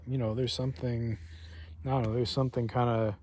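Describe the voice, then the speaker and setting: A man's voice: mid-range voice, little pitch movement, fairly quick, warm tone. Swearing man musing outdoors. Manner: rambling, profane, frequent restarts. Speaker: vlogger. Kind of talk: casual reflective monologue. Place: outdoors among trees. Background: breeze and distant ambience.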